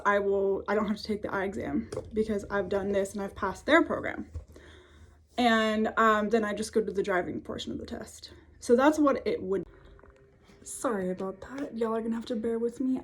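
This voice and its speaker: A woman's voice: fairly high pitch, fairly even intonation, normal speed, slight background noise. A woman of twenty-five, telling a personal story to camera in a casual, chatty way from her home office. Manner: chatty, many fillers, laughs often. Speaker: vlogger.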